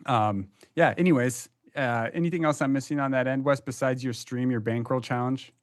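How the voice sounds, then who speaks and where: A man's voice: mid-range voice, normal speed. A young man co-hosting a casual podcast, talking loosely with plenty of ums and restarts. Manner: chatty, loose, many fillers. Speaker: podcast co-host.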